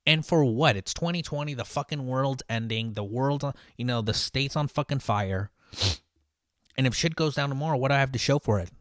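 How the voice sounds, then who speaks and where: A man with a mid-range, slightly bright voice talks fairly quickly, recorded with clean studio sound and no room noise. A line cook, he tells a story in a casual, rambling monologue, heated and swearing constantly, leaning hard on "like" and "dude" and often restarting sentences.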